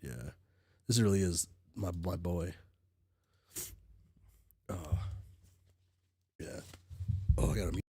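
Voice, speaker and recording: A man's voice: sits low, slow, pauses often, dark tone, slightly rough. A sick man chatting casually while streaming, rambling with restarts and casual swearing. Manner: rambling, full of restarts and fillers. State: sick, coughing. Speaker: streamer reading a webcomic. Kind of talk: casual livestream chat.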